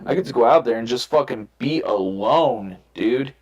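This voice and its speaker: A man's voice: medium pitch, expressive, moderate pace, highs cut off, a crowd in the background. Young male podcast host, candid and profane, rambling storyteller, roomy echoey sound. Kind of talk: casual chat. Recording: roomy echo.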